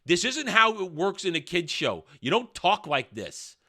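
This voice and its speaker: A man tears into a TV episode in a video review, his delivery heavy with sarcasm and scorn. His voice is bright and forceful, pitched a little higher than most men's. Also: very animated, unhurried. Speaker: film and TV reviewer.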